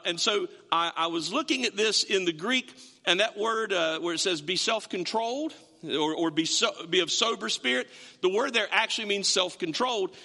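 A man's voice: high voice, pushed and bright, in a large hall. A man preaching a sermon as pastor, in a conversational way, repeating words and asking the congregation questions, in a church sanctuary.

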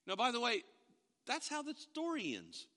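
A man preaching a sermon, telling a family story with animated, acted-out quotes. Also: extremely high pitch, moderate pace, big-room sound. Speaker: pastor.

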